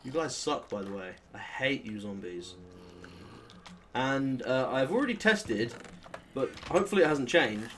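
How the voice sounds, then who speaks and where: A young British man with a British accent, chatting and swearing casually as he plays through a modded game, with sudden excitable outbursts. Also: medium pitch, measured pace, a little hiss or hum. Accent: British English. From Britain. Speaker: gaming channel host. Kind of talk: casual Let's Play commentary.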